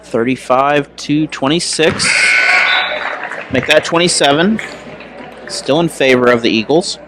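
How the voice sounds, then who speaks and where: A young man calls a high school basketball game in a casual, chatty way and corrects himself as he goes. His voice sits a little high. A noisy gym recording with bouncing balls behind him. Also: unhurried. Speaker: play-by-play announcer.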